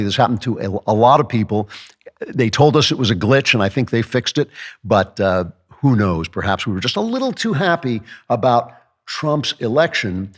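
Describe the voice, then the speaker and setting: A male podcast host giving a comedic political monologue, full of sarcastic jokes and asides. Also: medium pitch.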